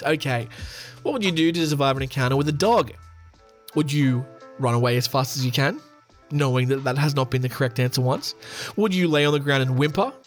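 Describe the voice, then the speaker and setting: A man hosting a podcast, reading out quiz questions and joking through his answers. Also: on the high side. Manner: joking, reads questions aloud and answers himself. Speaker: podcast host. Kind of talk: casual chat reading a quiz.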